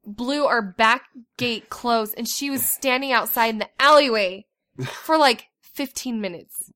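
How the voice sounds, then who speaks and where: Thirties woman co-host, high and bright, animated storyteller in casual chat. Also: a little slow. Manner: animated storytelling, acting out voices. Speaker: podcast co-host.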